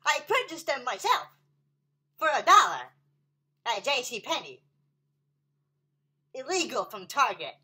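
A woman's voice: high-pitched, big pitch swings, measured pace, pauses often, pushed and bright, breathy edge, heavily acted. A woman voicing a cheerful, boastful toy cowboy doll in a homemade toy play, with a chirpy, bouncy delivery.

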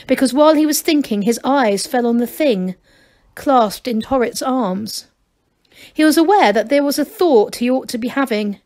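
A woman teacher reads a children's novel aloud in a lively storytelling manner. Her voice sits slightly high, and she varies her pace to follow the tale.

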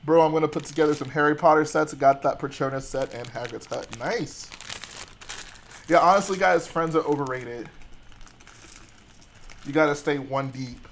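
Joking young man hosting a stream. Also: a little high. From Texas. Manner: joking, laid-back banter with chat. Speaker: livestream host. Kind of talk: casual livestream chat.

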